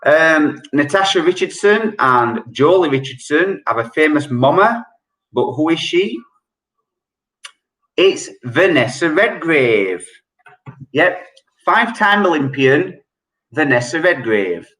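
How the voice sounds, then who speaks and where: A man hosting an online quiz, chatty and joking, reading each question slowly and repeating it. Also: a little high, big pitch swings, a bit bright. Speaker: quiz host. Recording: echoey room.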